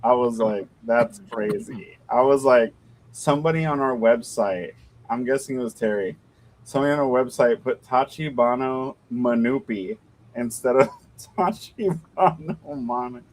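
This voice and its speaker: A man's voice: mid-range voice, moderate pace, slight background noise. A man co-hosting a casual livestream chat, telling stories loosely and swearing freely. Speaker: co-host of a doll shop stream.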